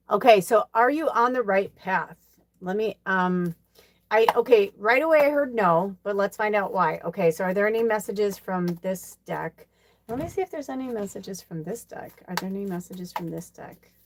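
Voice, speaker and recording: A middle-aged woman from Chicago hosting a live card reading, talking in a rambling, chatty way with many fillers and laughs. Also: mid-range voice. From South Side Chicago, USA. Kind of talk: casual live-stream chat.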